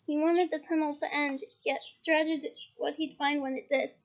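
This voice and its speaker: A woman reading a novel aloud in a steady storytelling manner with small restarts. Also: sits high, moderate pace, dull audio. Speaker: reader.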